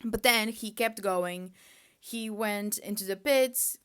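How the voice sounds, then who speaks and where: A young woman vlogger chatting casually, an exasperated fan full of "like" and quick asides. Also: medium pitch, clear, resonant tone. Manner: animated, exasperated fan ranting with lots of "like". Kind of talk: casual chat.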